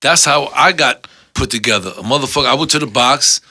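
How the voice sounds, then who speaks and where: A man's voice: mid-range voice, brisk. A man, chatting in street slang and sharing his own prison story. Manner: street slang, animated retelling. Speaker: interviewer and fellow ex-prisoner. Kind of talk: casual chat.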